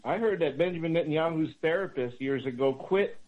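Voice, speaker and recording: A man's voice: on the high side, brisk. A man calling in to a talk show, speaking in an emphatic, agreeing way over a phone line. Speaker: caller. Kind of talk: call-in conversation.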